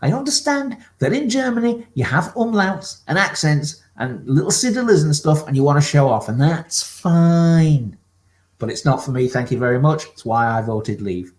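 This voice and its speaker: A man's voice: a little high, lively intonation, normal speed, echoey room. A man as a comedy panelist answering in a pompous, mock-patriotic rambling manner. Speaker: improv panelist playing a pompous expert. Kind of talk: improvised comedy.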